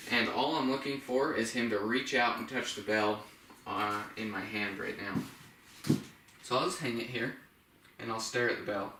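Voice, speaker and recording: A man's voice: medium pitch, normal speed, background noise. A man working as a dog trainer, patiently explaining each step of a training demonstration indoors while praising the dog. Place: indoors by a door. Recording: echoey room, mic at a distance.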